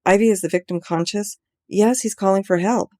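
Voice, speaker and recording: A woman reading the part of a panicked young woman calling down a cliff, loud and frantic. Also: medium pitch, steady tone, fairly quick, no echo, voice pushed up, close to an everyday voice. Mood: urgent. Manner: shouting, frantic.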